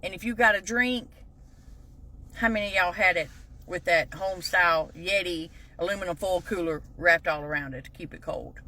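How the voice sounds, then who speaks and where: A woman's voice: fairly low pitch, moderate pace, background noise. A middle-aged woman, telling sassy, folksy stories in a casual comedic monologue. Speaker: vlogger.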